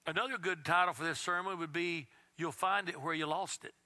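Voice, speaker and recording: A man preaching a sermon as pastor, reading scripture aloud and at times dropping his voice to a hush. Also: a little high, fairly even intonation, brisk. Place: church.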